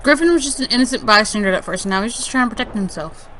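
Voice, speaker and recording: Brief: woman co-commentator; high, fretful, openly biased. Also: expressive, very fast, a bit bright, slight background noise. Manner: playfully partisan, fretful. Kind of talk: casual commentary.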